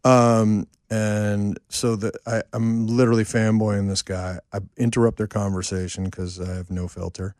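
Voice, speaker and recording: A man who writes and produces songs, telling a rambling, lively story as a guest in a casual chat at home, full of fillers and asides. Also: on the low side, moderate pace, few pauses, no echo, clean studio sound. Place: a home, indoors.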